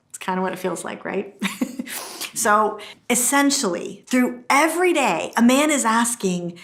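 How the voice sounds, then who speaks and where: A middle-aged woman teaching a marriage course, telling stories and acting out quotes with a lively delivery. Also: a little high, measured pace. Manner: lively storytelling, acts out quotes. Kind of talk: teaching talk to camera.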